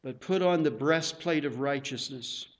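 Guy preaching, earnest and emphatic, takes it slow. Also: mid-range voice. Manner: earnest, emphatic, drawn-out phrases. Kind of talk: sermon.

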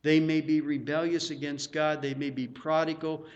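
Man, pastor, sermon, emphatic, repeats for stress, somewhat high pitch. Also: level tone, normal speed, lo-fi sound.

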